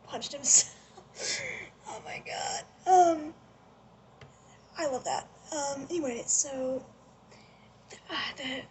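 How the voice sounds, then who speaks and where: High-voiced young woman ranting excitedly. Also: slight background noise. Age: young adult. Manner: excited, gushing, laughs often. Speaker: vlogger. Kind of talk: casual rambling rant. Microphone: phone propped on a lotion bottle.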